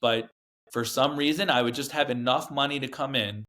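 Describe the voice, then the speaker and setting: Forceful and bright, this mid-range male voice at a moderate pace belongs to an interview guest telling candid stories about his past. He rambles emphatically and frequently performs other people's quoted lines.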